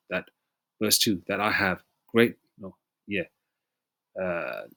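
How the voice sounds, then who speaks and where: Emphatic low-voiced man preaching. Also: fairly bright tone. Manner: emphatic, repeats "you know?" and "okay?" often; reads verses slowly, clears throat between passages. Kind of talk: informal sermon with scripture reading.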